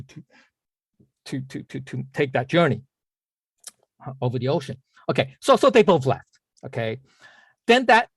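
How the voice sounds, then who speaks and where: Casual male teacher, stumbling storyteller, mid-pitched, dry close sound. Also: no echo. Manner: rambling, many restarts and repeated words; apologetic asides when losing the thread. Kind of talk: casual storytelling in an online class.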